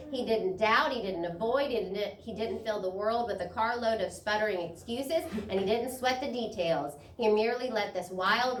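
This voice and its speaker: In an echoey church sanctuary, a woman preacher with a slightly high voice reads from a book during her sermon. Her reading is expressive and animated, she laughs easily, and the distant-mic recording carries faint ambience and slight background noise.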